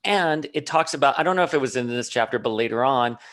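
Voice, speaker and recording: Man, mid pitch, very lively intonation, playful podcast co-host, casual. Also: fast talker. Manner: animated, playful, swears casually. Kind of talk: casual chat.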